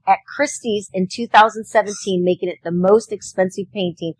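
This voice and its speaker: A woman co-hosts a live local broadcast from an outdoor street fair, talking in a casual, playful way and laughing often. Her voice is slightly husky, and the sound is dry and close. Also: mid-range voice, steady tone, a little fast, dry recording, poor audio. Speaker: co-host of a live local show.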